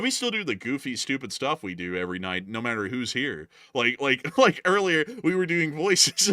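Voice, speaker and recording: Bright, lively man hosting a livestream. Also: medium pitch, no room sound. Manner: rambling, many "like" fillers, laughs easily. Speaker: news livestream host. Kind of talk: casual livestream chat.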